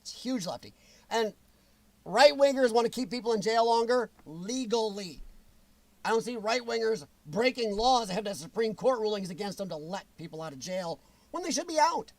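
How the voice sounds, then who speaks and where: A man with a high-pitched voice hosts a livestream talk show. He rants bluntly and answers viewer comments. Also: expressive, moderate pace, dry recording. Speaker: show host reading chat.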